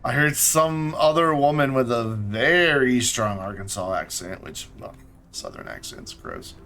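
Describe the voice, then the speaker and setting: Faint music plays behind this live-streamed gameplay as a man with a medium-pitched, fairly bright voice talks in an animated, unhurried way. Thinking out loud, he chats casually to himself and to in-game objects, often mumbling and saying things twice.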